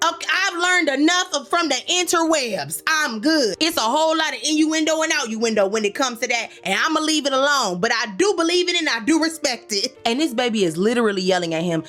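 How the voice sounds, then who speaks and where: A woman's voice: high voice, lively intonation, fairly quick, hardly any pauses, fairly bright tone, soft background music. A woman in her thirties giving a comedic recap of a TV episode, telling the story in a playful, slangy way full of asides. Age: 30s.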